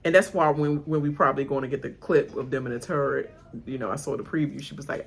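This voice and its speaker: A woman hosting a casual reality TV reaction video, animated and laughing, loudly mimicking the cast as she comments. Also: fairly low pitch, fast, creaky, breathy edge. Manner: animated, laughing, mimics cast members with loud yelled names.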